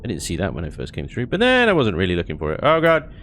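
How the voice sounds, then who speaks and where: A man's voice: deep voice, huge pitch swings, very fast, fairly bright tone, slight background noise. A man chatting casually while playing a space game, rambling and laughing often. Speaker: game streamer. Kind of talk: casual gameplay commentary.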